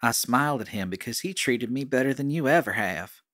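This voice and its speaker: Man doing a defiant young daughter, flat matter-of-fact delivery, lightly raised bright voice, dark audio story. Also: mid-range voice, unhurried, voice pushed up, natural voice. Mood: cold defiance.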